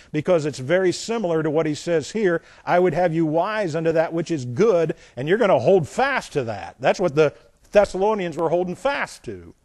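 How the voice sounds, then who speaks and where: Male pastor, slightly high voice, sermon with folksy asides, dry close sound. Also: dry recording. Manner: reads scripture aloud, then explains it with folksy asides; dramatic swings between loud emphasis and quiet asides.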